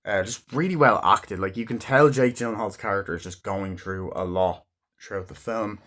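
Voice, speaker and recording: A man with a fairly low voice talks through a film in a casual review. He retells scenes loosely, swears freely and leans on "like" and "um" as he goes. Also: moderate pace, fairly bright tone. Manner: rambling and heavily profane.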